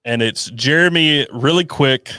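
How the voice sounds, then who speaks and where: A man's voice: medium pitch, unhurried, bright, forceful tone. A man co-hosting a live podcast in casual chat, telling teasing stories about his friend. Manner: teasing storyteller. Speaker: podcast co-host.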